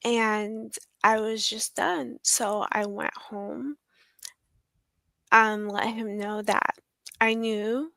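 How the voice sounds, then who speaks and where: A woman guest in an interview, telling a personal story in a halting, emotional way with many pauses. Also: a little high, steady tone, creaky, fairly bright tone, no echo.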